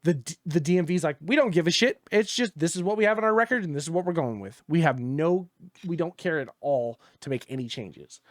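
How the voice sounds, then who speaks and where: A man co-hosting a gaming podcast, telling a story in casual chat, exasperated and profane, dropping low when he quotes others. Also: animated, fast talker, dry recording, studio quality.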